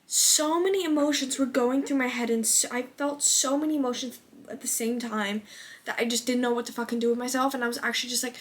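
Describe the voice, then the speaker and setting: A woman's voice: a little high, steady tone, fast talker. A young woman vlogging casually about her reading. She talks expressively, swears freely and swings between gushing and exasperation. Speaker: book vlogger.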